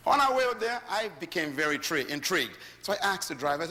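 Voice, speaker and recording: Brief: Bahamian man preaching, lively swooping delivery, bright voice, big echoing hall. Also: sits high, fast, hardly any pauses. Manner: animated storytelling, rising to shouts. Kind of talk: sermon. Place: large hall before a congregation.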